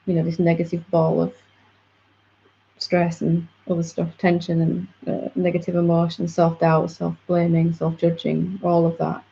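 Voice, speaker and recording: A woman's voice: on the low side, completely flat delivery, moderate pace, vocal fry, dark tone. A woman spiritual teacher patiently explaining to a student in a reflective satsang dialogue. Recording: dull lo-fi audio.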